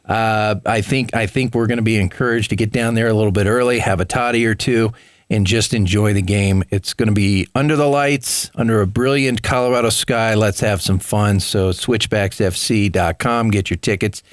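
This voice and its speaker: A man's voice: fairly low pitch, steady tone, moderate pace, no room sound. A man hosting a local business talk radio show in a studio, chatty and enthusiastic, calling listeners folks. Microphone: studio microphone.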